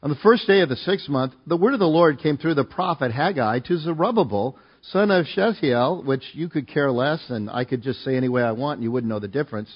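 A male pastor reads scripture verse by verse and explains it conversationally, often inviting the congregation to join in. His mid-range voice is slightly rough, with lively intonation, a little fast and with few pauses. The audio sounds dull.

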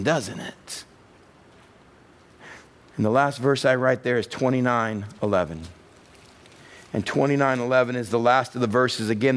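A man with a Texan accent preaching a sermon as pastor, swinging between quiet, low passages and raised, emphatic ones. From Texas. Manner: animated preaching, rising and falling in pitch and force.

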